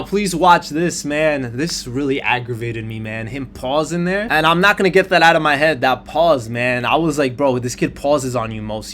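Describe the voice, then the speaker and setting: A man's voice: fairly high pitch, a little hiss or hum. A young man commentating over his own basketball video game footage, talking straight to his viewers and venting his frustration in casual slang. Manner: frustrated, animated, talks to viewers as "bro" and "man". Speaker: gaming YouTuber. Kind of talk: gameplay commentary.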